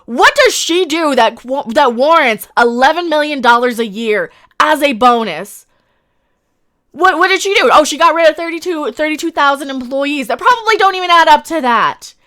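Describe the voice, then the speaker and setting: Female streamer, high, sharp voice, angry indignant commentary, repeats lines, swears. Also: expressive, normal speed, hardly any pauses. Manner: swears while ranting. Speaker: streamer host. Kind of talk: live-stream commentary rant.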